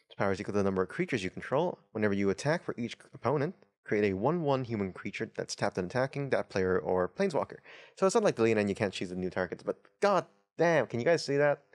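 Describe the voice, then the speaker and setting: A man's voice: fairly low pitch, sing-song, fast talker. Chatty man opening card packs. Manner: chatty, reads card text aloud, wry asides. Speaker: host of a tabletop channel. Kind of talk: casual unboxing commentary.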